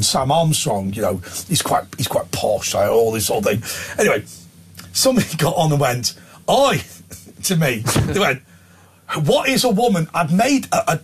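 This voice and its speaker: A middle-aged English man and presenter, chatting casually in a studio and telling animated anecdotes with voices. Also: medium pitch, slight background noise.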